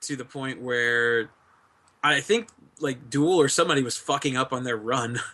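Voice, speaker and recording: A man with a bright, mid-pitched voice speaks as a guest in a casual interview over an online voice call. He is laid-back and chuckles through his answers. He swears freely along the way. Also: moderate pace. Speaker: guest, streamer.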